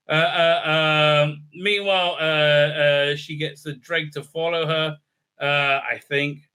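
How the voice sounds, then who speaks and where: A man's voice: on the high side, little pitch movement, slow, bright, forceful tone, smooth. A man giving a sarcastic, profane recap review full of fillers and restarts. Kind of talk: casual ranting recap.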